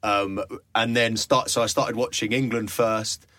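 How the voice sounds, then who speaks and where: A man in his late twenties, a radio presenter, chatting in a casual interview and telling stories in a jokey, animated way. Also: lowish voice, measured pace. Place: London.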